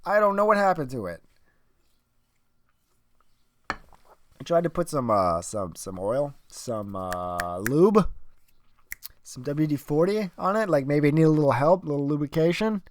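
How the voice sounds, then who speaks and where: A man's voice: fairly high pitch, sing-song, measured pace, long pauses, a little hiss or hum. A young man hosting a solo podcast, rambling and swearing, arguing with himself. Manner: profane, rambling, self-arguing. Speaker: podcast host.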